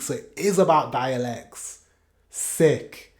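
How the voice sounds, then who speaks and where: A man's voice: fairly high pitch, lively intonation, moderate pace. Chatty man reacting. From Yorkshire, England. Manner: chatty and rambling, with frequent self-corrections and chuckles. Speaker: reaction video host. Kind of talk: casual reaction commentary.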